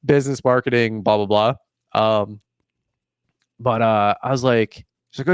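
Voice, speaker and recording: A man's voice: mid-range voice, a little slow, long pauses, smooth, no room sound, clean studio sound. A young man hosting a podcast, telling a story in casual chat and acting out the dialogue with lots of "like". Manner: animated storyteller, acts out dialogue, says "like" often. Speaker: podcast host.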